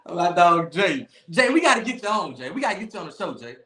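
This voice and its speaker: On his animated sports talk livestream, a podcast host with a fairly high, slightly bright voice swings widely in pitch while driving his points home. He talks noise with big emphasis and keeps repeating phrases, and a roomy echo carries the sound.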